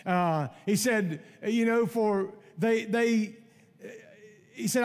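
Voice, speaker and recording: A man's voice: sits high, slow pace, darkish tone. A middle-aged man preaching a sermon in a church, folksy and emphatic in his conversational style. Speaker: pastor. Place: church sanctuary. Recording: long church hall reverb.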